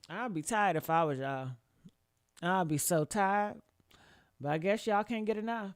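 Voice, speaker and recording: A woman's voice: mid-range voice, sing-song, takes it slowly, no room sound, studio quality. A woman doing reaction commentary on a livestream, blunt and profane, repeating her points and talking straight to her viewers. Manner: talks straight to her chat, asks for likes.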